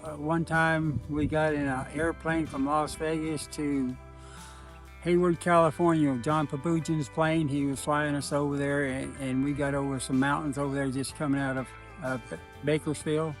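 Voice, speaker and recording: A man tells an old flying story in a halting way, full of fillers. His voice sits a little higher than most. Faint music plays behind him. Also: flat delivery. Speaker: interviewee. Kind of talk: storytelling in a casual interview.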